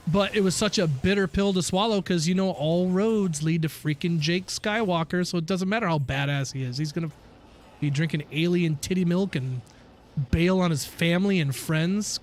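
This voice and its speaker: A man with a fairly high voice chats casually while he plays a game on stream. He rants and swears freely, answers viewers' questions between tangents, and laughs at his own outbursts. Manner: ranting, swears often, laughs at himself; reads and answers chat while playing. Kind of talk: casual live-stream chat.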